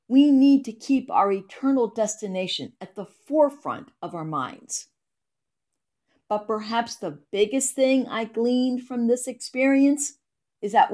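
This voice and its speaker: A woman reading her ministry blog, unhurried and lively, earnest devotional storytelling. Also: mid-range voice. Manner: expressive, earnest storytelling read.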